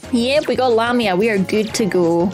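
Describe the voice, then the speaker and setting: A woman's voice: fairly high pitch, moderate pace, darkish tone. A woman streaming a video game live, chatting playfully, humming along and reading the on-screen text aloud into her desk microphone. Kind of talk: live gameplay commentary. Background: faint game music.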